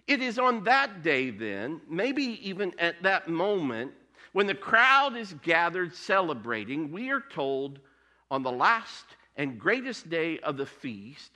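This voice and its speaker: Male pastor, sermon delivery; bright, forceful tone, dynamic rises and soft drops. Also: sits high. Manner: animated preaching, rising and dropping to near whispers.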